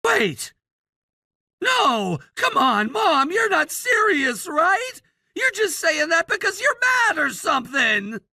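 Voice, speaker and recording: A woman voicing a shouting teenage son. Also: very high voice, very animated, slow, dry recording, studio quality, heavily acted. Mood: panicked pleading. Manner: shouting, demanding, then tearful and pleading. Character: bratty teenage boy, high schooler, defiant then pleading.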